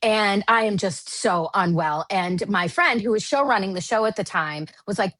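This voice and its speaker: A woman from Michigan, a Broadway actress guesting on a podcast, telling a casual anecdote in a lively, self-deprecating way with lots of "like". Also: mid-range voice, brisk, no room sound. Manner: animated, self-deprecating, heavy use of "like".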